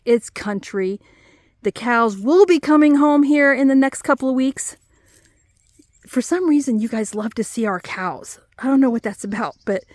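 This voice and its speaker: A woman with a slightly high voice chats in a folksy, easygoing way while walking outside. She is a little out of breath as she talks. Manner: chatty and folksy, says y'all. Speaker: vlogger. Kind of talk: casual vlog while walking outdoors. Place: outdoors on a rural mountain property.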